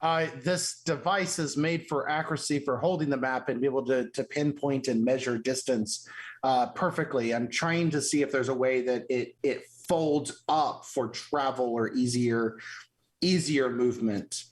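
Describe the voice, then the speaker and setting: A man playing a tabletop game, describing his character's actions in a halting way with frequent restarts. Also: mid-range voice, steady tone. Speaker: player.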